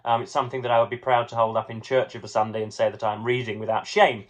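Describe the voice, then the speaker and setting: A young man talks casually to camera about the books on his shelf. He is wordy and playfully pompous, reaching for grand words and stumbling through ums and restarts. His voice sits at a middling pitch. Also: flat delivery, quick pace. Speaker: book vlogger.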